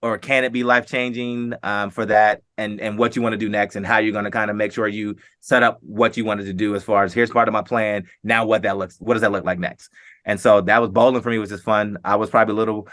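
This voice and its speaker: A middle-aged man recounts his story in an easygoing interview, his voice bright and forceful. He acts out the quotes as he goes, and the sound is dry and close. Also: fairly low pitch, quick pace, dry recording. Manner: animated anecdote-telling, acting out quotes with laughs. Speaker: guest, former pro football player.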